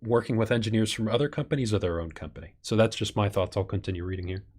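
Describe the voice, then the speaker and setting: A man's voice: on the low side, quick pace, darkish tone, slightly rough. A man hosting a live stream Q&A, reading viewer questions and thinking aloud with some fillers. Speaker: channel host.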